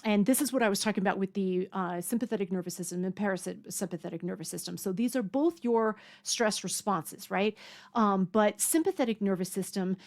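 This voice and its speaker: A woman's voice: mid-range voice, a little fast, a little mellow. A woman giving a casual health lesson in a chatty way, full of fillers and restarts. Now and then she acts out a startled, panicky voice to make a point. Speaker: health coach. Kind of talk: casual educational talk. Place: home near a mountain lake.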